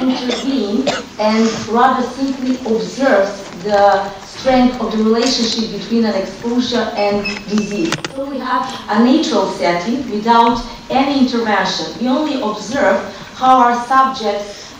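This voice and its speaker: A woman, an English speaker giving an academic lecture, hesitant and full of fillers. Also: on the high side. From Serbia. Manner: apologetic, hesitant with many fillers. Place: large lecture hall. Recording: echoey hall, distant mic, noisy.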